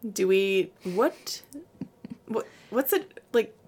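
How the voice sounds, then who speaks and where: Woman co-host, casual book chat, a bit of vocal fry, quick to laugh and trail off. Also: medium pitch, lively intonation, darkish tone. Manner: chatty, laughs often, trails off mid-sentence. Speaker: podcast co-host.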